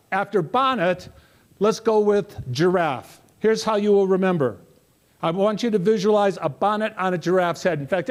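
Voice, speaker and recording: A middle-aged man giving a lively motivational talk, coaxing his audience through memory exercises. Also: high voice. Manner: energetic, coaxing audience participation. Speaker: motivational speaker. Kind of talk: interactive memory workshop talk.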